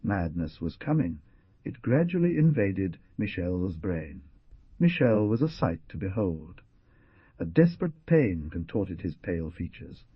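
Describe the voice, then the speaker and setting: Husky-voiced man reading an audiobook. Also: low voice, very animated, measured pace, dry recording. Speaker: audiobook narrator. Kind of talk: scripted narration. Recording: dull lo-fi dry recording.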